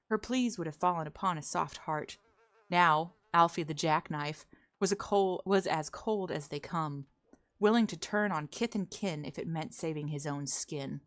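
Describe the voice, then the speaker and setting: A woman streaming a roleplay game, chatting casually and reading a story aloud in a relaxed, conversational way. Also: low-pitched.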